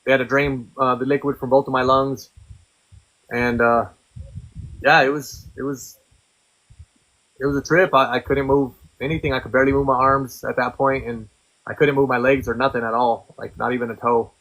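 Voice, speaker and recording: Young adult man, candid and coarse-spoken storyteller, forceful bright tone. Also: mid-range voice, flat delivery, normal speed, poor audio. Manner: profane, blunt, conversational. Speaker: podcast guest.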